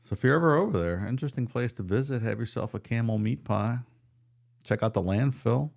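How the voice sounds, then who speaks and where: A man's voice: medium pitch, a little fast, vocal fry, darkish tone. A man co-hosting a casual podcast, chatting in a laid-back, wry way about a case. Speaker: podcast co-host.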